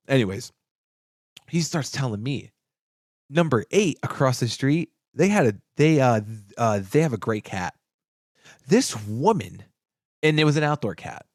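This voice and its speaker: Animated man telling a story, lively pitch. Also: dry recording, studio quality. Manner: animated, profane, acts out quoted lines with big pitch jumps. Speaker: podcast co-host. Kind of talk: casual storytelling chat.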